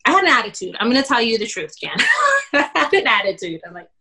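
A pastor's wife as a podcast guest, telling a painful personal story with quoted dialogue and animated emotion. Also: female voice, a little high, fairly quick, breathy edge, poor audio.

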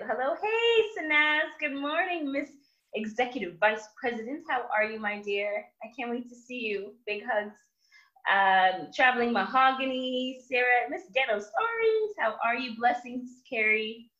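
A woman with a high, bright voice hosts a live motivational stream. She talks emphatically and hammers key words through repetition. The audio is dull and lo-fi. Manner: emphatic, repeats words for force. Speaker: host of a live motivational show.

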